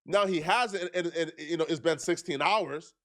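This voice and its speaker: A man's voice: a little high, moderate pace, a bit bright. A man giving earnest, argumentative commentary, repeating himself to press his points.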